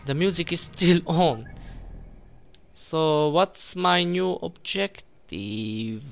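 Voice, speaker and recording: A man's voice: a little high, very slow, gravelly. A man doing let's play commentary, taunting enemies and talking to himself as he plays. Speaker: gamer, let's play host. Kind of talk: gameplay commentary.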